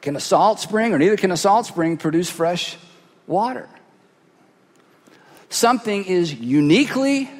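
A pastor delivering a sermon through a cheek-worn headset mic, swinging from loud bursts to hushed asides as he acts out voices. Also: high-pitched, expressive, measured pace, long pauses, in a large hall. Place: large church hall.

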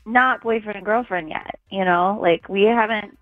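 A woman's voice: mid-range voice, normal speed, no echo, soft background music. A woman calling in to a radio show, talking in a hesitant, rambling way with many fillers. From Chicago area. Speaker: caller. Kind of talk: casual phone-in chat. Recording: tinny phone line.

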